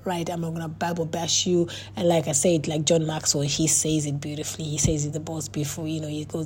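A woman's voice: low voice, level tone, fairly quick, few pauses, a little mellow, a little hiss or hum. A middle-aged woman, a coach and author, talking earnestly to her viewers in a casual monologue, with many fillers and restarts.

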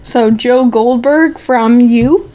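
A woman with a notably high voice chats casually as a podcast co-host. Her talk is loose and giggly, full of "like" and "um". She keeps an easy, unscripted flow. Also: takes it slowly, warm tone. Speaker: podcast co-host recapping a TV episode. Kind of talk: casual chat.

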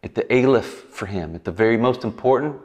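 A man preaching a casual sermon in a conversational way, acting out quick voices and animated asides. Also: medium pitch. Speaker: pastor. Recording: long hall reverb.

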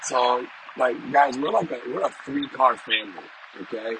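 A man's voice: medium pitch, normal speed, pushed and bright, low-quality recording. Rambling middle-aged man with background noise. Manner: rambling and conversational, repeats himself, often asks "you know?". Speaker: vlogger and sales professional. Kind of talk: casual monologue to camera.

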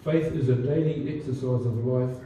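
A pastor preaches in an easygoing, chatty way, full of "you know" and small restarts. His voice is very dark and mellow. It is recorded from across an echoey hall, so the sound is roomy and a bit dull. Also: medium pitch, fairly even intonation, normal speed, far from the mic, slight background noise. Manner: conversational, many fillers and restarts. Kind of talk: sermon.

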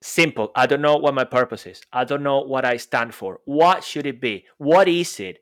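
A man's voice: mid-range voice, normal speed. A man co-hosting a casual podcast about public speaking, talking with emphatic enthusiasm and asking rhetorical questions. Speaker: podcast co-host.

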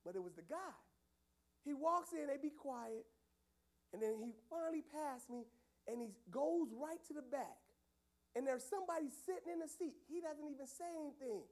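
A youth pastor telling a story to young people in a lively, casual way, with loud outbursts. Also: male voice, extremely high pitch, moderate pace.

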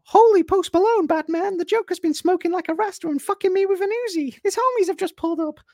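A squealing falsetto sidekick hero. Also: male voice, fast, a little mellow, no room sound, clean studio sound. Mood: excited. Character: shrill panicky male sidekick hero.

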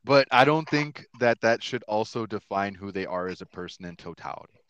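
A man's voice: fairly low pitch, animated, a little fast, fairly bright tone, lo-fi sound, slight background noise. A man in his thirties hosting a podcast, chatting casually in a rambling, profane way with lots of fillers. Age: 30s. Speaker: podcast host.

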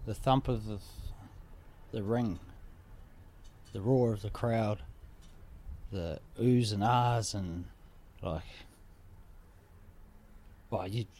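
A man's voice: fairly low pitch, drawn-out words, pauses often, warm tone. A man telling a personal story in a casual chat, vivid and repetitive, swearing freely. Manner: vivid, swearing, repeats phrases for effect.

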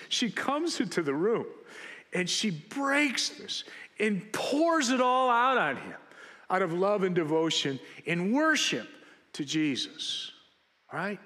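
A man preaching a sermon in church, telling Bible stories in an animated way and acting out the people in them. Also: high voice, slow pace, long reverb tail. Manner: animated storytelling, acting out biblical characters. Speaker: pastor.

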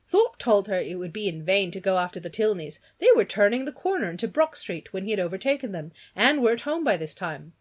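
Woman, novel read aloud, expressive, lively pitch, voices characters. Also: a little fast, few pauses. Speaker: reader of a novel. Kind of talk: reading a novel aloud with chat.

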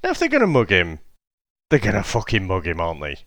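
A man co-hosting a podcast, retelling film scenes casually as an animated storyteller who laughs at his own jokes. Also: deep voice, fast talker, no echo, studio quality. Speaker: podcast co-host. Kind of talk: casual film review chat.

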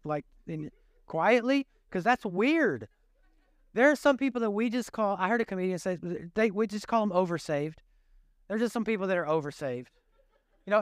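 A man delivers a lively sermon in a high, clear voice. He keeps drifting into self-deprecating asides. The sound is close and dry. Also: dry recording. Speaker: pastor.

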